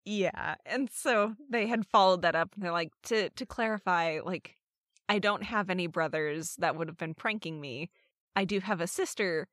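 A woman's voice: fairly low pitch, moderate pace, fairly bright tone, dry recording. Dry-miked woman podcast host. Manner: chatty, amused, reads with wry emphasis. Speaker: podcast co-host reading stories. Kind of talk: casual podcast chat and story reading.

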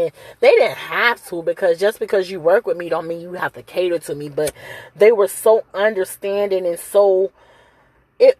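Woman, somewhat low pitch, emotional first-person storyteller, casual and full of fillers. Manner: conversational and emotional, with many fillers. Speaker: mother and hospital worker.

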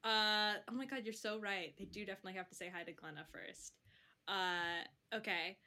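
A woman narrating a tabletop role-play game as game master, laughing often and talking in a halting, chatty way. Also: mid-range voice, steady tone, bright, forceful tone.

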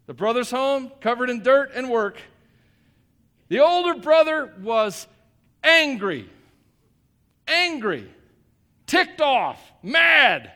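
A man's voice: extremely high pitch, fairly bright tone. A male pastor preaching a sermon in a conversational way, with joking asides and emphatic repetition.

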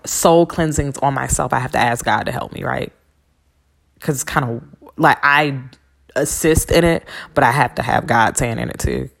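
Low gravelly woman, frank podcast talk. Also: a bit bright. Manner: frank, profane storytelling with laughs. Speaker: podcast host and spiritual reader. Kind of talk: candid solo podcast talk.

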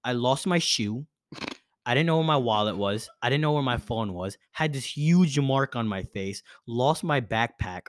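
A man's voice: medium pitch, normal speed. Young guy podcast host, rambling party story, says like a lot, swears. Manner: animated storytelling, lots of filler "like", swearing. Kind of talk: casual chat.

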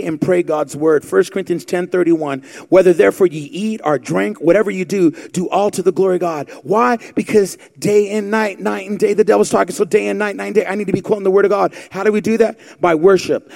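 High-pitched, gravelly preaching man. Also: a little mellow. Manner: fervent preaching with rhetorical questions and quoted scripture. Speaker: pastor. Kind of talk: sermon.

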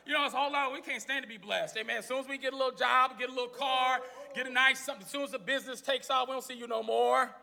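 A man's voice: very high-pitched, steady tone, rapid-fire, vocal fry, bright, forceful tone. A man preaching a sermon, telling the story in a folksy way and calling out to the congregation for responses.

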